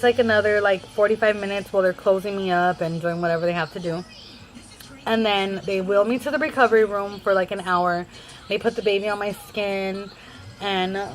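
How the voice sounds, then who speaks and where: A woman's voice: medium pitch, poor audio. A young adult woman vlogger rambling through a casual storytime in a chatty way.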